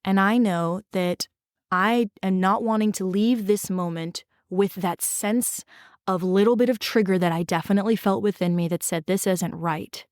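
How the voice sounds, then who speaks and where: A woman speaks as a podcast host, telling a personal story gently and earnestly. She guides the listener through breathing and reflection and often asks "right?". Her voice sits mid-range and sounds close and dry. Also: mid-range voice, fairly even intonation, moderate pace, dry recording. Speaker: podcast host and drama therapist.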